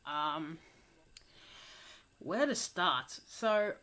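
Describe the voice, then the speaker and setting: A young woman hosts her channel with casual audio commentary, speaking in a low, slightly bright voice with lively intonation and an extremely slow pace. Still getting over an illness, she mumbles and hesitates. She's recorded on a home desk microphone.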